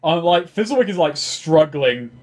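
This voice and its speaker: A man's voice: fairly high pitch, expressive, moderate pace, darkish tone. A man playing a tabletop game over voice chat, dry and laid-back. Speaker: player. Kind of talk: casual tabletop play.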